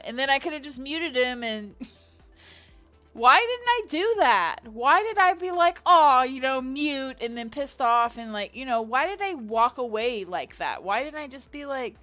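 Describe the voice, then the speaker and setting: Woman in her 30s, livestream host, loose rambling profane chat, fairly high voice, faint music under it. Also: fairly bright tone. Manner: rambling and profane, laughs often.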